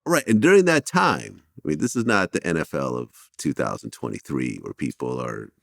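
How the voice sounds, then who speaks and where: Male host-interviewer, lively pitch, dead dry sound, short prompts and quick nods along. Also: vocal fry, dry recording. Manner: short prompting questions and backchannels. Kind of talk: casual interview.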